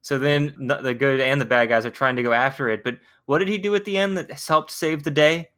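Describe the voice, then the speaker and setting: Brief: male podcast host, bright forceful tone, joking questions to the panel. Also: medium pitch, a little fast, smooth. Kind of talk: casual chat reviewing a cartoon episode.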